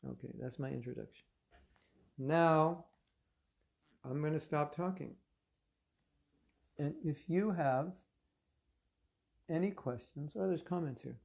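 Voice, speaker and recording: Brief: male spiritual teacher, lively storyteller, chatty with fillers, gravelly voice pitched a little high. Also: slow pace, long pauses. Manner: animated storytelling, conversational with fillers. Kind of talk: lecture to an online class.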